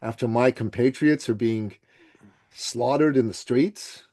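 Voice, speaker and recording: A man born in Iran, speaking without an accent as a podcast guest, blunt and forceful, swearing freely and swinging between loud outbursts and quiet remarks. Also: medium pitch, a little slow. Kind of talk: forceful opinionated interview talk.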